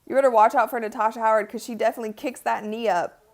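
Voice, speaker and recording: A woman's voice: a little high, steady tone, fast talker. A woman hosting a live-streamed basketball watch party, chatting casually and giggling as she comments and talks to her viewers.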